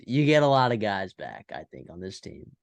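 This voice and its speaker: A man co-hosting a sports podcast, casually and briskly leading into each new topic. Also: on the low side, big pitch swings, gravelly, no room sound. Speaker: podcast co-host.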